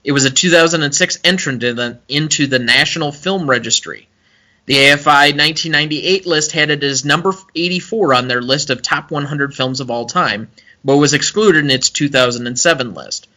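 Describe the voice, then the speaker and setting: A man's voice: fairly high pitch, fairly quick, pushed and bright. A young man co-hosting a casual movie-review podcast, chatty and analytical, with frequent fillers. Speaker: podcast co-host.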